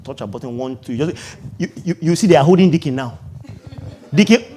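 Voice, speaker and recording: A man preaching a sermon, switching between loud calls to the congregation, low asides and laughter. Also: quick pace, a little hiss or hum. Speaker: pastor.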